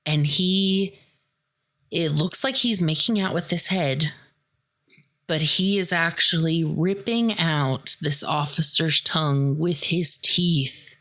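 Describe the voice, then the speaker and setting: A woman hosting a podcast, casually recapping a horror film in an animated way and swearing freely. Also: on the low side, slow pace. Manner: animated, profane retelling. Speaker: podcast host.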